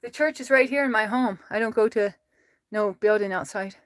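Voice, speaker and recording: Talking to her cats between viewer comments she reads aloud, an American woman chats casually and laughs often on a livestream from home. Her mid-range voice moves at normal speed, and there's no echo.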